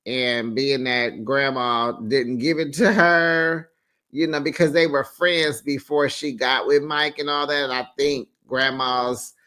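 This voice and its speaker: A man's voice: mid-range voice, little pitch movement, takes it slowly, bright, forceful tone, clear, resonant tone. A man hosting a casual reality TV recap, sassy and chatty, with lots of fillers and asides. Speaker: recap host.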